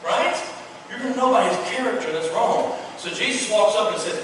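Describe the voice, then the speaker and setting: A bright, high-voiced man, folksy and animated, throwing in playful asides. His voice rings around a large church hall. He is heard from well back from the mic, with faint noise underneath. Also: normal speed, recorded from a distance. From Texas. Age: 30s. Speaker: pastor. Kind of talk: sermon.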